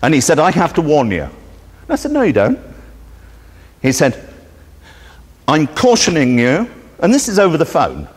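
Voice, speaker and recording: Man, slightly high voice, sardonic and indignant storyteller, reverberant hall. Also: huge pitch swings, moderate pace, long pauses, husky. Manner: sardonic, indignant storytelling that acts out both sides of a dialogue. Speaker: speaker at a public presentation. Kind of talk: anecdotal public talk. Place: meeting hall.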